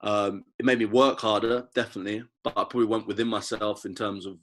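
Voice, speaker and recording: A man in his twenties, a professional athlete, speaking as a guest in a casual podcast interview, reflective and animated when he tells stories. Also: lowish voice, fast talker. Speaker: guest, professional rugby player.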